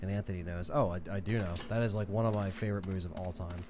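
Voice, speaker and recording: A man's voice: deep voice, fairly even intonation, very fast, noisy background. A man co-hosting a gaming livestream, replying in a laid-back, brief way. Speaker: livestream co-host. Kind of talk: casual gaming livestream chat.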